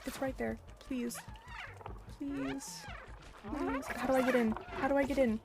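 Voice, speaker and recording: Over music and loud background noise, a young woman streams from home into a desk microphone, her high voice steady and unhurried with long pauses. She casually chats and swears through her live game commentary, now and then stopping to coo at her pet.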